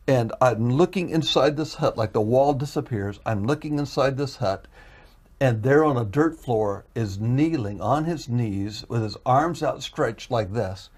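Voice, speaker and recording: A man's voice: medium pitch, darkish tone, slightly rough. A man telling a personal story as a guest, in an earnest, building way. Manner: earnest, building to emotional intensity. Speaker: minister telling a testimony.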